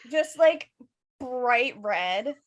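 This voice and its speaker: A woman narrating her character's actions in a tabletop role-play, animated and laughing. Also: high voice, very slow. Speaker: player.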